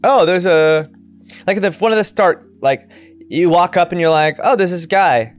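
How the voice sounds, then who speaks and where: A man co-hosting a casual podcast chat about tabletop games. He is excitable, rambles, and often restarts his sentences. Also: high voice, moderate pace, soft background music. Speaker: podcast co-host.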